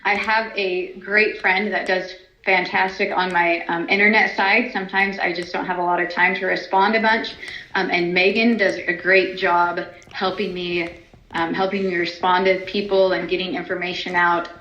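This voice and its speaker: A woman's voice: on the low side, little pitch movement, normal speed, bright, forceful tone. A woman, a horse trainer talking in a casual interview, chatty, laughing often, with many ums and restarts. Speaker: horse trainer and stallion owner. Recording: roomy, slightly dull sound.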